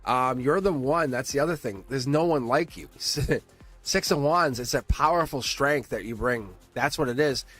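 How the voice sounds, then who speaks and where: A man's voice: medium pitch, moderate pace, fairly bright tone, soft background music. A man giving a livestream tarot reading, rambling and playful, chuckling often and talking straight to his chat. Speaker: tarot reader.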